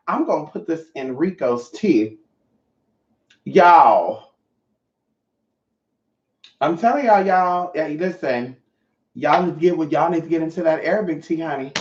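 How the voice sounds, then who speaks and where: A man's voice: on the high side, animated, unhurried, pauses often, roomy sound, highs cut off. A sassy man chatting casually on a livestream, swearing freely and greeting viewers by name. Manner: sassy, profane, chatty, reads viewer comments. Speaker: vlogger.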